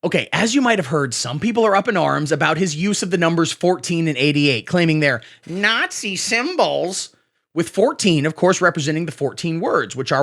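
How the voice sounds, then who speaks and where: A man hosting a scripted satirical monologue, sarcastic and deadpan, breaking into profane rants. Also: a little high, moderate pace, gravelly. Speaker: satirical commentary host.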